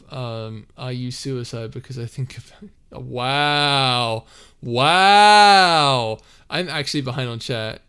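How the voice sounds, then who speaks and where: A man's voice: mid-range voice, smooth. A young man streaming from home. He reads chat aloud and answers in a rambling, easygoing way with many restarts. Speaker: streamer and audio roleplay creator. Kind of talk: casual live-stream chat, reading comments. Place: a house, indoors.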